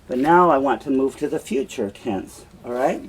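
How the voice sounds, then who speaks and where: A man teaching a beginner language lesson in a classroom, patiently repeating example phrases slowly. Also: mid-range voice, lively intonation, slight background noise. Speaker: Spanish teacher.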